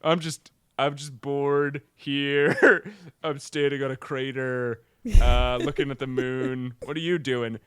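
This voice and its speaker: A man's voice: mid-range voice, steady tone, slow, a bit bright, smooth, no echo, clean studio sound. A man voicing a pushy, overly casual male psychic creature as a comedy bit on a podcast. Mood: needling, casual.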